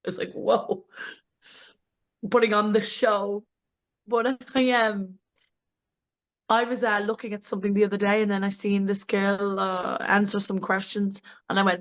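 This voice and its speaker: A woman's voice: flat delivery, unhurried, long pauses, a bit bright, low-quality recording. Woman, interview guest; blunt, frank, laughs a lot, breaks into mocking impressions. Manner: blunt, laughing, mimics voices with big pitch jumps. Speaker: interview guest, adult film actress. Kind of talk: candid casual interview.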